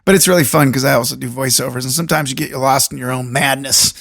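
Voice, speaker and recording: A man hosting a solo podcast, talking alone into a studio microphone in a deliberate radio voice with jokey, rambling asides. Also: mid-range voice, steady tone, gravelly, fairly bright tone. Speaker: podcast host. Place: room alone.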